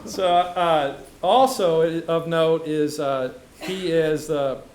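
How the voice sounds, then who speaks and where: A man moderating a symposium, introducing a speaker haltingly, with many filler sounds. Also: fairly high pitch, over a noisy crowd. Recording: echoey hall, faint background noise.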